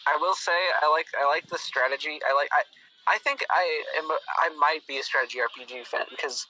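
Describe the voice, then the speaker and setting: Young adult man, bright tense tone, slightly high, rambling casual guest chat. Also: fairly quick, a little hiss or hum, rough recording. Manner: rambling, thinks aloud with many restarts.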